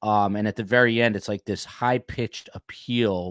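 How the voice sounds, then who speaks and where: A man's voice: fairly low pitch, steady tone, moderate pace, dry recording, studio quality. A man hosting a podcast panel, casual and full of fillers as he plays clips. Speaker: podcast host.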